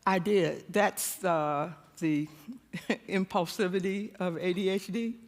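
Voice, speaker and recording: A woman preacher telling a personal story in a church sermon, animated and self-mocking, often laughing at herself. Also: on the low side, takes it slowly. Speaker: guest preacher. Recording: long church-hall reverb.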